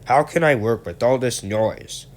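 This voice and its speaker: A man's voice: mid-range voice, measured pace, close to an everyday voice. A man voicing a stern, portly male railway boss who speaks in a formal, clipped, commanding way.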